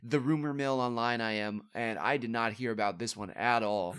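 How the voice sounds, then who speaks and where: A man's voice: mid-range voice, normal speed, fairly bright tone, clear, resonant tone. A man co-hosting a casual movie podcast, rambling and breaking off his sentences with many fillers. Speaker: podcast co-host.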